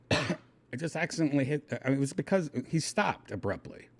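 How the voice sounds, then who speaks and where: Animated man telling a crude story. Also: normal speed. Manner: animated, jumps up in pitch for quoted voices, crude jokes, laughs often. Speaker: podcast host. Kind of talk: casual solo storytelling.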